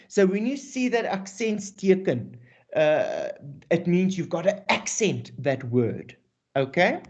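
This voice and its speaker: A man's voice: on the high side, sing-song, takes it slowly, a little mellow. A man with a South African accent teaching a poetry lesson in a classroom style, switching between English and Afrikaans and asking rhetorical questions. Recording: dull lo-fi recording.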